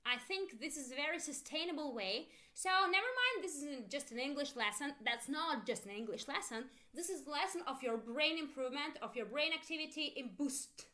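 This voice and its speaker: A woman whose first language is Russian teaches an online English grammar lesson. Her voice sits high and bright and swings widely in pitch. She says each phrase twice and leaves room for students to echo it back. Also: expressive. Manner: explains slowly, repeats phrases for students to echo.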